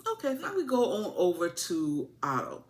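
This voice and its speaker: A woman's voice: fairly low pitch, moderate pace. A woman giving a casual, sassy TV episode review, full of repeated words and playful asides. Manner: sassy, animated, repetitive asides. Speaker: TV recap reviewer.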